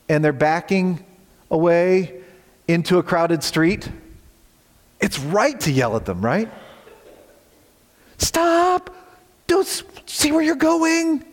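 A man preaching a sermon as pastor, swinging from quiet, low lines to shouted warnings. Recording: long reverb of a large hall.

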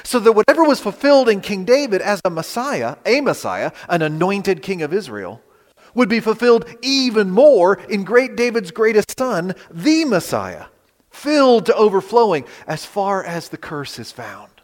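A man with a Western Pennsylvania accent, preaching a sermon as pastor, animated with rhetorical questions and dramatic pauses. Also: sits high, long reverb tail. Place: church sanctuary.

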